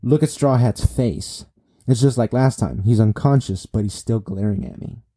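A man reading the lines of a brutal, menacing male pirate emperor in his own dark voice, slow and low. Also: close to an everyday voice.

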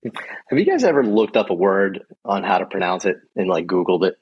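A man's voice: low-pitched, very animated, fairly quick, husky, no room sound, muffled recording. A man hosting a podcast panel in casual chat, chatty and full of fillers. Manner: laughing, chatty, filler-heavy. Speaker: podcast host.

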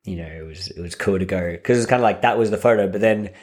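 A man who is a guest on a podcast, chatting in a relaxed, halting way with many restarts. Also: low voice. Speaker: podcast guest, host's fiancé. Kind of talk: casual chat.

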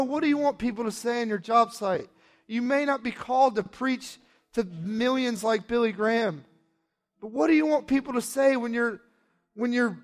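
High-voiced passionate male preacher. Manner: passionate, swings from hushed to shouting. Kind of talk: sermon with personal testimony.

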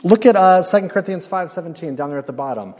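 A man's voice: high voice, expressive, fast talker, a little mellow. A man preaching a sermon as pastor, emphatic, repeating key phrases and adding light humor. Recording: long reverb of a large hall.

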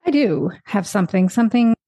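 Woman co-host, playful and easygoing, steady reader, dry studio sound. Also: mid-range voice, a little fast, breathy edge, dry recording. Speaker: podcast co-host, nurse midwife. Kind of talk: casual chat and reading a listener letter aloud.

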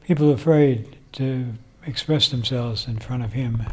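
A man's voice: medium pitch, moderate pace, breathy edge. An older man, a songwriter, reflecting at length in a casual interview, rambling with fillers. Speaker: songwriter guest.

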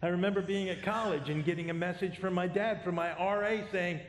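A man's voice: high voice, fairly even intonation, brisk. A middle-aged man preaching a sermon as a pastor, conversational, with self-deprecating humor. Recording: echoey hall.

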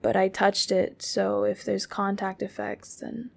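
Woman doing a scared young woman, breathy whisper, bit of gravel in it, storybook. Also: medium pitch, flat delivery, a little slow. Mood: shaken whisper. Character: frightened young woman, shaken and blunt.

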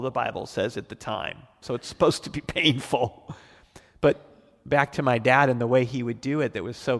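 A man's voice: mid-range voice, fairly bright tone, in a large hall. A middle-aged male pastor teaching the Bible verse by verse, telling folksy stories with frequent chuckles.

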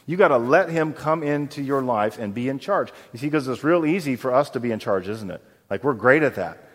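A man's voice: medium pitch, expressive, fairly quick. A man preaching a sermon as pastor, conversational and often asking his congregation questions. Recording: long hall reverb.

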